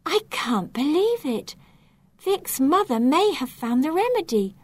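Woman narrator, storybook, slow and deliberate, fairly high voice, dry close sound. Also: very animated, no echo. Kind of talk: storybook reading.

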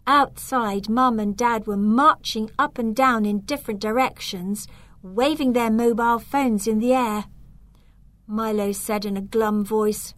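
Woman narrator for a storybook, unhurried, dry close recording. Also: medium pitch, a bit bright, no room sound. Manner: clear, measured reading aloud. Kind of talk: storybook reading.

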